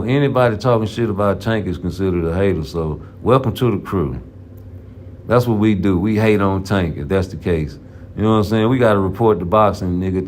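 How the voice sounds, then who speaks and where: A man's voice: sits low, darkish tone, slight background noise. A man giving casual, profane, rambling boxing commentary in a vlog. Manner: profane, rambling, slang-heavy. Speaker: boxing vlogger. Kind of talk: casual trash-talking commentary.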